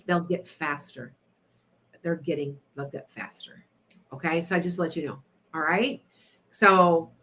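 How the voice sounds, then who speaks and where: Chatty middle-aged woman hosting a show. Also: mid-range voice. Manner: chatty, animated, laughs often, talks to listeners by name. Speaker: radio show host, psychic. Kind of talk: casual storytelling to listeners.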